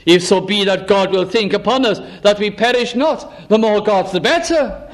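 A preacher doing an alarmed old-time ship's captain. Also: male voice, sits high, normal speed, close to an everyday voice. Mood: urgent. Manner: urgent, archaic pleading.

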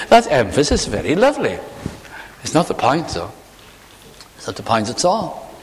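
A male preacher giving a sermon, speaking in a searching, animated way and putting questions to the congregation. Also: medium pitch, normal speed, long pauses, big-room sound.

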